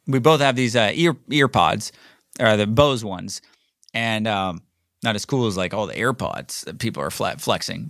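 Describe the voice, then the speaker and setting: Telling a loose, rambling story for his own podcast, a middle-aged man keeps restarting and filling gaps. Recorded alone, his medium-pitched voice comes through bright and forceful, with clean studio sound and no room ambience.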